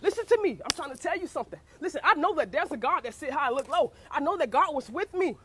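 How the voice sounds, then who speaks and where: A woman's voice: high voice, animated, fast talker, a bit bright. A young woman giving a fervent preaching testimony, repeating phrases and calling out to her listeners again and again. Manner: fervent, repeats phrases and calls "you hear what I say?" to listeners. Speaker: speaker giving a personal testimony.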